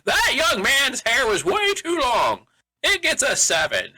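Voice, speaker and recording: A man voicing a grumpy, fussy old man critic who complains slowly and whines. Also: very high-pitched, wildly swooping pitch, bright, forceful tone, breathy edge, voice pushed up, full character voice. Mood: grumbling. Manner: slow, whiny, complaining.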